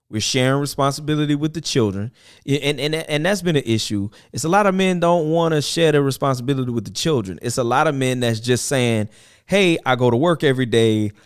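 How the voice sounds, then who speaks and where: Animated male talk radio host. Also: mid-range voice. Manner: animated, preachy, repeats himself, laughs often. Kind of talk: casual talk radio monologue.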